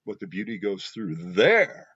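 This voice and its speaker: A man's voice: on the low side, sing-song, measured pace, a bit bright, slightly rough, dry recording. A man hosting a heartfelt spiritual talk for his viewers, speaking emotionally and with passion, and repeating phrases for emphasis. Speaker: spiritual channel host. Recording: dull dry lo-fi sound.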